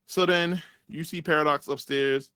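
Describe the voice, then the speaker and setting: A man's voice: fairly high pitch, steady tone, normal speed, pushed and bright, clear, resonant tone, no echo. A man reviewing a movie in casual chat, rambling and swearing as he retells scenes. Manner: rambling, profane, acts out characters' lines.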